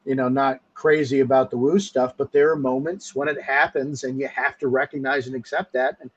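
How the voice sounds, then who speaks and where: A man's voice: medium pitch, level tone, fairly quick, slightly rough, highs cut off. A man speaking as a guest in a casual interview, candid and emphatic. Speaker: guest researcher.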